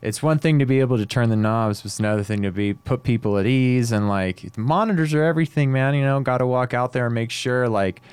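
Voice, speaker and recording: A man working as an audio engineer, chatting casually in a laid-back way, swearing often and getting animated when he quotes people. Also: medium pitch, a little fast, hardly any pauses, clean tone, no echo. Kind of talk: casual chat.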